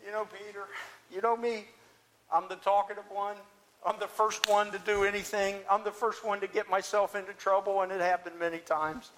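A man's voice: high voice, level tone, normal speed, a bit bright, slight background noise. A man preaching as the apostle Peter, an impulsive and talkative fisherman, telling his story in the first person with earnest, searching restarts. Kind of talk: first-person dramatic monologue.

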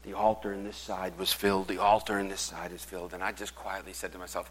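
An older man preaching a sermon as pastor, telling a story and swinging from loud proclamation to hushed whispers. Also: sits low, flat delivery, fast talker, hardly any pauses, husky, big-room sound, rough recording.

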